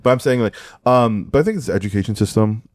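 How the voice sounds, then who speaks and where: A man's voice: on the low side, fast, darkish tone, no room sound, studio quality. A man from Canada with a Canadian accent, hosting a podcast in casual chat, rambling and hesitant with many fillers.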